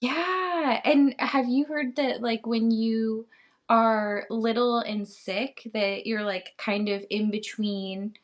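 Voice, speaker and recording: A woman co-hosting a podcast, chatting casually in an unhurried, hesitant way with many filler words. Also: a little high. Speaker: podcast co-host.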